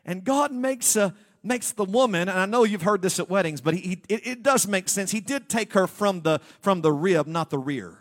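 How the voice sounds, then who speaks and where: Brief: male pastor, fairly high voice, playful sermon in church. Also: animated, normal speed, hardly any pauses. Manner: playful, joking asides to the congregation. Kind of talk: humorous sermon.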